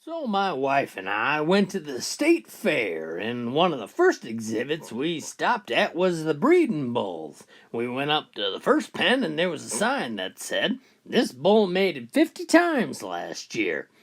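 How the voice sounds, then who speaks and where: A man telling a countdown of jokes with animated storytelling. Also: fairly high pitch, a little slow, few pauses. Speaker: joke teller.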